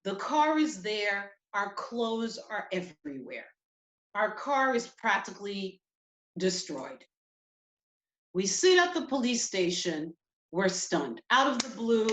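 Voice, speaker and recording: A woman telling a personal story at a community event, emotional and halting. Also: mid-range voice, very animated, fairly bright tone, roomy sound.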